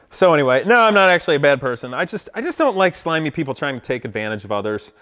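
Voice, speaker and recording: A man's voice: fairly high pitch, big pitch swings, quick pace, fairly bright tone. A man casually telling a story to camera, laughing often and acting out what people said. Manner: laughs often, acts out quotes animatedly. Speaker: vlogger.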